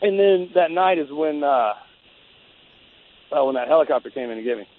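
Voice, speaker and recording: A man in his forties, the guest, telling a story in a halting, rambling way full of restarts. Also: fairly high pitch, animated. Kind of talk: casual storytelling. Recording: phone-like narrow sound.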